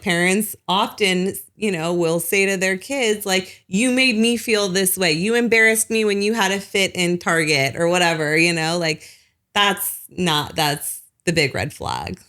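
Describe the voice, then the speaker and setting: With a fairly low, sharp-toned voice, the woman psychologist speaks as a podcast guest, giving long, informal explanations peppered with "like" and "you know." She acts out quick parent quotes in different voices.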